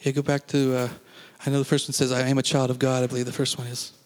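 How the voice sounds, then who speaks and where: A man preaching a sermon as pastor, talking earnestly and conversationally, then leading slow, deliberate confessions for the congregation to repeat. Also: mid-range voice, completely flat delivery, darkish tone. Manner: leads slow call-and-response confessions.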